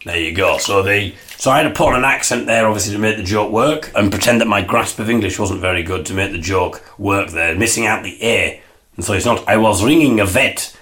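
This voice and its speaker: A man with a low voice talks as the host of his own comedy podcast while he sits in the bath. He delivers a deadpan monologue in a self-important, dry way. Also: a little fast. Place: bathroom, in the bath.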